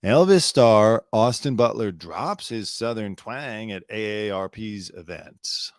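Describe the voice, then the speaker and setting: A man's voice: lowish voice, lively intonation, slow pace, dry recording, clean studio sound. A man hosting his own show, talking casually and sarcastically, rambling and swearing freely. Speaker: show host. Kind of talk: casual solo commentary.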